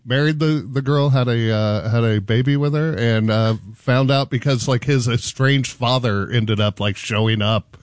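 A man's voice: mid-range voice, normal speed, hardly any pauses, dry recording, clean studio sound. Chatty male anecdote teller. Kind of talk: casual anecdote telling.

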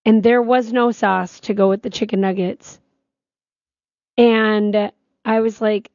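A chatty woman, co-hosting a talk show. She tells her stories with animation, and her voice sits at an ordinary middle pitch. The close mic gives a dry, slightly dull sound. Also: steady tone, takes it slowly, long pauses, darkish tone, no echo. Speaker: radio show co-host. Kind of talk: casual chat.

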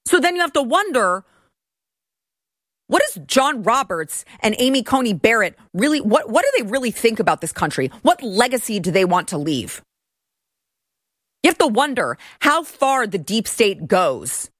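A woman's voice: fairly high pitch, sing-song, moderate pace, a bit bright, dry recording, clean studio sound. A woman in her thirties hosting a political commentary show, talking in an indignant, ranting way.

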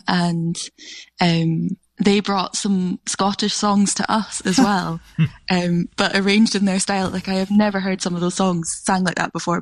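A woman guest musician with a lowish, flat voice, talking with enthusiasm and frequent ums. The sound is dry and close to the mic. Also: no echo. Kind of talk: radio interview.

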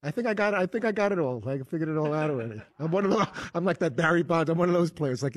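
A man's voice: on the high side, lively intonation, quick pace, hardly any pauses, dry recording. A man on a sports radio crew, stammering and rambling defensively in casual studio banter. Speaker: show staffer.

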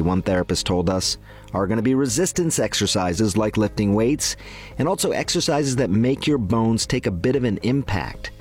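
A male health podcast host reads a scripted explainer in a clear, even, informative tone. Soft music sits faintly under his voice. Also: fairly low pitch. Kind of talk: scripted narration.

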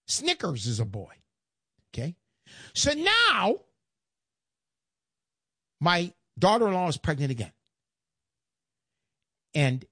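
Older man, radio call-in host, high voice, folksy chatty patter, dry studio sound. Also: fairly bright tone, no room sound.

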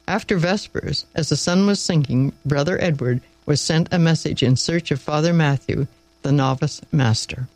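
Gravelly male storyteller, close and dry. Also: on the high side, moderate pace, no room sound, rough recording. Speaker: storyteller host. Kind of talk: storybook reading.

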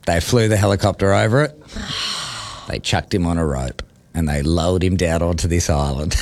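A man hosting radio, telling a story in a playful, animated way that builds suspense. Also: low-pitched, normal speed. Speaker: radio host. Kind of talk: casual banter, storytelling.

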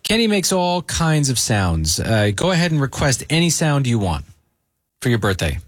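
A man hosting a morning radio show, chatting with callers in quick, teasing banter. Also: medium pitch, big pitch swings, no echo, studio quality. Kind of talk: upbeat morning radio chat.

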